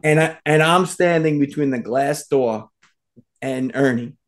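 A man telling a long story to friends on a podcast, in a rambling way that keeps circling back with fillers. His voice sits a little high for a man. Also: unhurried, a little hiss or hum. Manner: rambling, full of "like" and "you know". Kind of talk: casual storytelling chat.

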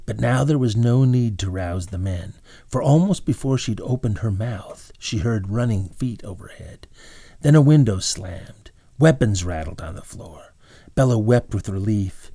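A man's voice: lowish voice, animated, measured pace, mellow, dry recording. A man narrating a storybook dramatically, dropping into whispers at tense moments.

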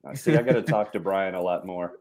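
A middle-aged man, an actor, chatting as a podcast guest, animated and swearing freely. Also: low voice, quick pace. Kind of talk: casual podcast chat.

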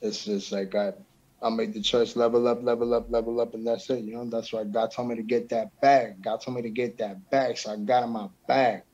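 A man in relaxed conversation, full of slang and casual swearing, at an ordinary pitch. The sound is a bit dull and lo-fi. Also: brisk. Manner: loose slangy talk, swears often, says bro a lot. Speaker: musician guest. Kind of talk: casual chat.

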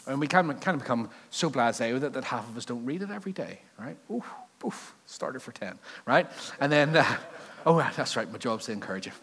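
A man's voice: mid-range voice, expressive, brisk, a bit bright, breathy edge. A pastor from Belfast preaches with a Northern Irish accent. He talks in a loose, conversational way, breaking into jokes and wandering asides before returning to his point. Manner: chatty, joking asides, rambling digressions. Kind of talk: sermon.

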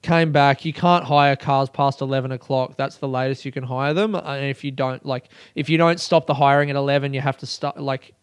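A man telling a personal story in a casual monologue. He talks in an animated way, swears freely and laughs often. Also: mid-range voice, brisk, few pauses, smooth, no echo. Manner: animated and profane, with frequent laughter. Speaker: solo storyteller.

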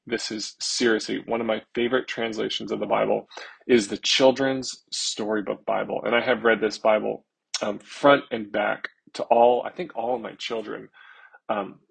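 Male pastor, earnest sermon delivery, gravelly and husky tone. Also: on the low side, poor audio. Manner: earnest, stretching key words slowly for emphasis.

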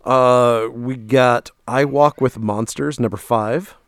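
A man's voice: mid-range voice, fairly even intonation, slow, smooth, no room sound, studio quality. A man co-hosting a casual chat about comics, talking with enthusiasm. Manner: enthusiastic, laughs easily. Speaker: podcast co-host.

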